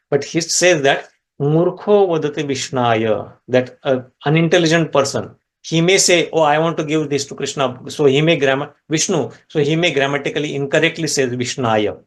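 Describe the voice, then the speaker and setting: A man teaches a scripture class at a middle pitch, with an animated storytelling delivery. His voice jumps up sharply at the emotional points of the story. He slows down to unpack Sanskrit words one piece at a time. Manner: explains Sanskrit words step by step. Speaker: spiritual teacher.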